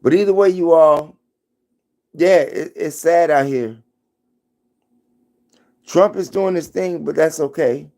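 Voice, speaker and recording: A man's voice: fairly high pitch, takes it slowly, pauses often, dark tone. A middle-aged man giving an emphatic, preachy commentary vlog into his phone, hammering his points home by repeating them. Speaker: vlogger.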